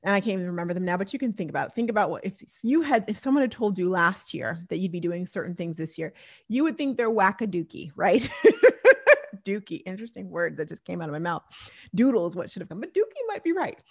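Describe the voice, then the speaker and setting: A woman's voice: medium pitch, big pitch swings, quick pace. Bubbly, chatty woman podcast host. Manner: bubbly and chatty, laughs often at herself. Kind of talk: casual solo podcast monologue.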